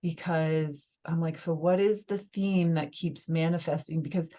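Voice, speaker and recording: A woman shares a personal story as a guest in a casual podcast conversation, sounding emotional and leaning heavily on "like" as a filler. Her low voice has a dark, steady tone and moves a little slowly.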